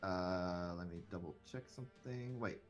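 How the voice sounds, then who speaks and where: A man's voice: low-pitched, moderate pace, faint music behind. A man running a tabletop role-playing game as game master, swearing and arguing with his players with good humor. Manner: exasperated, swearing, lively. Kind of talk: casual tabletop banter.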